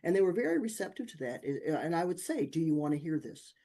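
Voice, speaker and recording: Woman guest, mellow low-key tone, chatty storyteller. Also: fast. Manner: lively anecdotes with acted-out quotes. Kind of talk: conversational storytelling.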